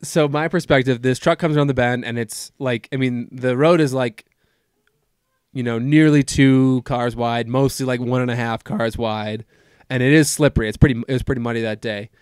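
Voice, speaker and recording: A young man hosting a podcast in casual chat, relaxed and quick to laugh, often restarting his sentences. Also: medium pitch, clean tone, no echo, clean studio sound. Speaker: podcast host.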